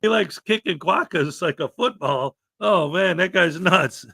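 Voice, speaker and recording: Excitable goofy man with a gravelly voice. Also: high voice, measured pace, no room sound, clean studio sound. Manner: excitable and goofy, laughs often, shouts playfully. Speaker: host. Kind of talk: live-stream reaction chat.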